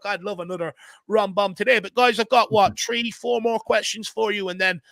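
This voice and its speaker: A bright, high-pitched man hosts a football fan show, his voice crisp and close with little room sound. He chats in a relaxed way, reads out viewer comments and moves the panel through the questions. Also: no room sound. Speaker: fan channel host. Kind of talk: casual fan discussion show.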